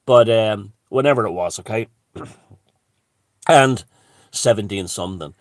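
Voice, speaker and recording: A man's voice: lowish voice, expressive, measured pace, long pauses, no echo, clean studio sound. A man giving a heated, rambling political monologue, swearing and restarting his sentences. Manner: heated, profane, full of restarts and asides. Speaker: commentator.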